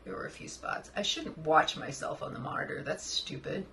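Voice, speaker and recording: Bright-voiced chatty woman vlogger. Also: deep voice, moderate pace, gravelly, slight background noise, low-quality recording. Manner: chatty and excitable, dropping to a murmur while applying. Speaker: makeup vlogger. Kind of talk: casual makeup tutorial chat.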